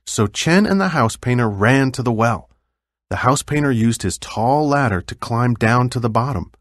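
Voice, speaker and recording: A man narrating children's stories aloud with clear, expressive storytelling. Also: mid-range voice, normal speed, no echo, studio quality.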